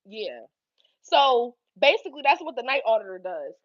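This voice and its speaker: A woman's voice: on the high side, sing-song, moderate pace, no room sound, dull audio. Casual, cursing woman explaining her job. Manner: profane, conversational, checks in with listener.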